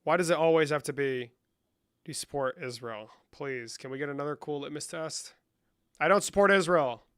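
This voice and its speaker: This clip has clean, room-free studio sound and a young man whose fairly high, clear, resonant voice moves a little fast. Casually chatting on his live stream, he jokes crudely with viewers, mixes English and Spanish, and responds aloud to questions from chat.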